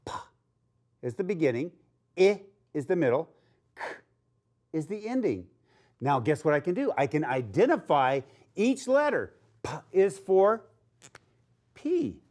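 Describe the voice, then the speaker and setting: Casting: upbeat male phonics teacher for kids, slow and animated. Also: a little high. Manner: slow, sounding out letters, upbeat and encouraging. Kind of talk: phonics lesson for young children.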